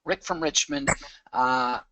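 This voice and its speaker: A man hosting a live online webinar, greeting people one by one in an energetic, chatty way with quick asides. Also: medium pitch, dry recording, lo-fi sound. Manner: energetic, chatty, reads names aloud with quick asides and laughs. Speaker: webinar host. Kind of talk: upbeat live webinar roll call.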